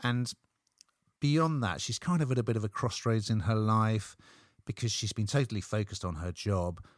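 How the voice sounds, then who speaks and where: A man's voice: fairly low pitch, normal speed, dry recording, clean studio sound. A man presenting a casual TV review chat, chatty and upbeat, laughing easily.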